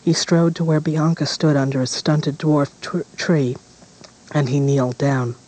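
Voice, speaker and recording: A man narrating a dark fairy tale in a measured, deliberate storytelling manner. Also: on the high side, steady tone, poor audio.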